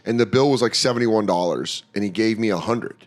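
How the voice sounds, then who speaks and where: A man's voice: lowish voice, a little fast. A man chatting casually on a podcast, telling stories and acting out quoted voices along the way. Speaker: podcast guest, comedian. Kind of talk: casual chat.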